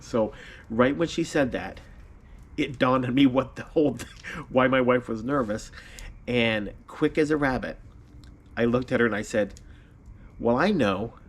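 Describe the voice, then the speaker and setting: A man vlogger telling a personal story in a casual, animated way, often breaking into laughter. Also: medium pitch, slight background noise.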